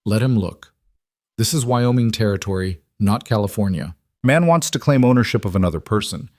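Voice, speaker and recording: A man reading a storybook voicing a plain-spoken lone rancher, calm and firm. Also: fairly low pitch, moderate pace, dry recording, clean studio sound, close to an everyday voice.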